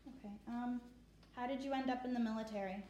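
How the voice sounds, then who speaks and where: A woman conducting an oral history interview as a student interviewer, who asks questions politely and gently repeats them. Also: fairly high pitch, steady tone, fast, highs cut off, a little hiss or hum. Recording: echoey room.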